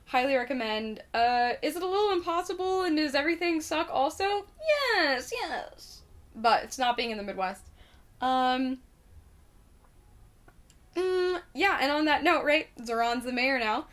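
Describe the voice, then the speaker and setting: A woman's voice: high-pitched, lively intonation, measured pace, a bit bright. Rambling, sweary young woman vlogger. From Indiana, United States. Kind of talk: casual chat to camera.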